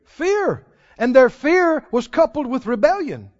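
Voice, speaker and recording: A man preaching a sermon, swinging from loud declarations to hushed, quiet lines. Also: very high voice, very animated, measured pace, big-room sound. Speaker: pastor. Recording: dull lo-fi sermon recording.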